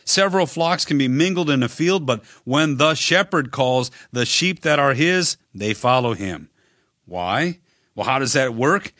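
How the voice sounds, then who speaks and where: A man delivers a sermon in a bright, clear voice, earnest and measured. He addresses the listener directly, slowing down on key phrases for emphasis. The sound is dry and close, with no room around it. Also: medium pitch, lively intonation, no room sound. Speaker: preacher.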